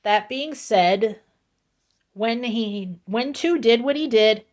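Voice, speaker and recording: A woman telling a storytime vlog into her phone, slow, deliberate and emphatic, repeating her points for weight. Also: a little high, a little mellow. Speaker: vlogger.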